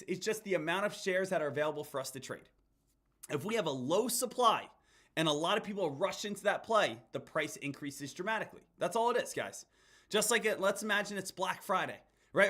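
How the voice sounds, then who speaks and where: A man's voice: sits high, lively intonation, fairly quick, a bit bright. A man giving emphatic stock market commentary, repeating phrases and calling his viewers guys and team. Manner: repetitive, hype-driven, addresses viewers as guys and team.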